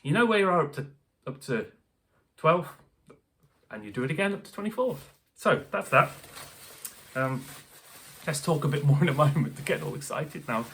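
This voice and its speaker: A man's voice: fairly high pitch, lively intonation, moderate pace, long pauses, fairly bright tone. A man chatting casually through a guitar unboxing review, with jokey asides to the viewer.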